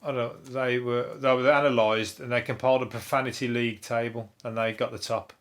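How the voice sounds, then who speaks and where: Sweary deadpan Brummie man. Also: mid-range voice, fairly quick. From Birmingham, England. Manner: deadpan, rambling, sweary, laughs at own jokes. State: voice going hoarse. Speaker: comedian podcast host. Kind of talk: solo comedic news review.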